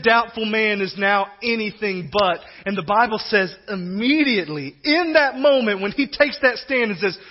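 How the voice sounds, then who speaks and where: A male pastor preaching a sermon in a conversational, animated way, acting out quoted voices now and then. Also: sits high, dull audio.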